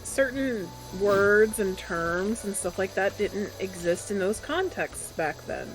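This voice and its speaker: Female co-streamer, mid-pitched, relaxed hesitant chat, faint music under it. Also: slow, rough recording. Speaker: co-streamer guest. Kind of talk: casual chat while gaming.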